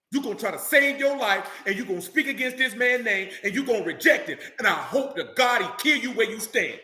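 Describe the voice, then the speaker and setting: A man with a high, bright, forceful voice delivers a fiery street-style sermon, coarse and blunt. He repeats lines to drive each point home. The sound carries a roomy echo. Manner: preachy, blunt and profane, repeating lines for emphasis. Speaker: street preacher.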